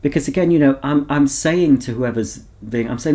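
A man's voice: medium pitch, fairly quick, hardly any pauses, mellow. A man vlogging in a casual, rambling chat to camera, talking candidly and reflecting on himself.

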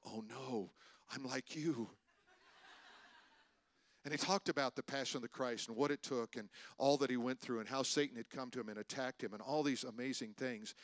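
A man pastor preaching a sermon, telling stories and swinging between loud preaching and hushed asides. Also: fairly high pitch, dry recording. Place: church sanctuary.

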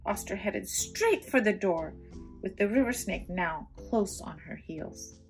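Woman storyteller, gravelly, children's read-aloud with soft music behind. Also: mid-range voice, expressive, slow pace. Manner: gentle, with asides to young listeners.

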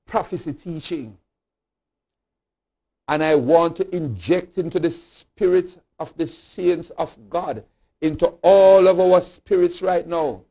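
A bishop from Jamaica teaching a Bible study in a sermon style, emphatic and deliberate, rising to loud declarations and dropping low again. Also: male voice, expressive. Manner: slow, deliberate preaching cadence with repeated refrains.

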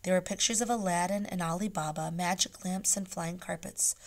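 Reading a chapter book to her class, a teacher with a lowish voice moves briskly, with hardly any pauses. Her narration is soft and frequently whispered, but she livens up whenever she asks the children questions.

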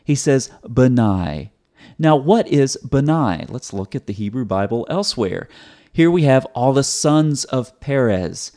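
A man's voice: mid-range voice, animated, unhurried, mellow. A man hosting his own video, giving a teaching commentary in a sarcastic, explanatory way and often repeating words as he restarts. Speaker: host.

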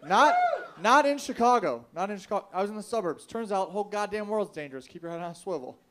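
A man with a high-pitched voice performs a stand-up set into a handheld mic on a comedy club stage. He narrates a story and acts out its characters, jumping to loud outbursts. A faint room ambience sits under his voice. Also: very fast, noisy background.

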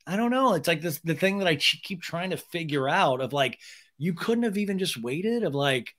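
A man hosting a podcast, recapping a reality show in animated, gossipy commentary. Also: a little high, moderate pace. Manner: animated and gossipy, with frequent restarts. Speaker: podcast host.

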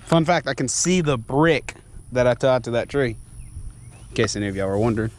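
Goofy Louisiana man with a lively voice. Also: medium pitch, a little fast, a little hiss or hum. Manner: goofy, self-mocking, talks to snakes in a sing-song voice. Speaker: fishing vlogger. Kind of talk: casual vlog talk to camera. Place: outdoors by the water.

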